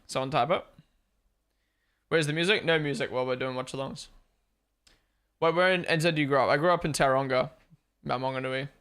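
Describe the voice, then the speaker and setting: Speaking at a medium pitch, this young man talks fairly quickly but leaves long pauses, and his voice is smooth and a bit bright. He hosts a live watch-along stream, replying to viewers in loose, profane chat. His accent mixes Australian and New Zealand, reflecting an Australian birth and a New Zealand upbringing.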